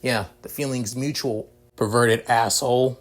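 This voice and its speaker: Man voicing a sharp-tongued teen boy, sarcastic, cursing, irritable, fan storybook reading, rising a touch high when riled. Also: steady tone, measured pace, faint music behind, natural voice. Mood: irritated. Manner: curses constantly, sarcastic.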